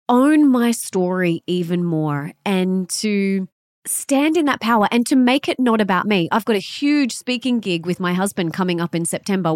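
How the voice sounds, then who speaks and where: A woman's voice: mid-range voice, no echo, clean studio sound. A woman hosting a podcast interview, speaking with enthusiastic, emphatic energy. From Australia. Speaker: podcast host.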